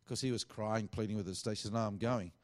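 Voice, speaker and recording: A man's voice: fairly low pitch, fairly even intonation, fast talker, darkish tone. A middle-aged man, preaching a sermon as a pastor and telling a story with lots of quoted dialogue. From Australia.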